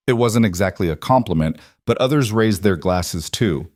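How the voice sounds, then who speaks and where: A man reading scripted audiobook narration in a measured, even storytelling manner. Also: lowish voice, no room sound, studio quality.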